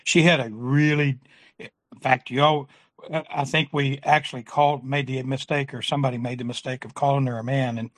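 A man's voice: medium pitch, little pitch movement, brisk. A man who is a regular on a talk show, chatting casually and reflectively, often restarting his sentences. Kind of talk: casual chat.

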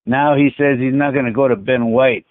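A man's voice: mid-range voice, steady tone, fairly quick, no room sound. A man with a Mexican accent calling in to a show, talking in a fiery, eager way. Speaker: caller. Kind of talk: casual call-in chat. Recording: tinny phone line.

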